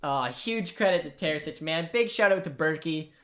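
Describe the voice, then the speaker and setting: A young man hosting a live football watchalong, reacting with excitement and emotion and talking to his viewers. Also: on the high side, moderate pace, faint music behind. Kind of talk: live match watchalong commentary.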